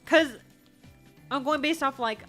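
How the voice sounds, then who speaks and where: Sitting high and a little slow, her fairly bright voice is backed by faint music. An American woman VTuber rambles about items she's bought in a casual show-and-tell, fixing her own statements and dropping the occasional swear.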